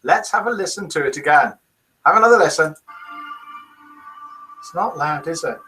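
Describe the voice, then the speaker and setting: A man's voice: fairly high pitch, lively intonation, moderate pace, over music. A man hosting a casual live stream, reading out viewers' comments and guesses aloud. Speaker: host of a live daily chat stream.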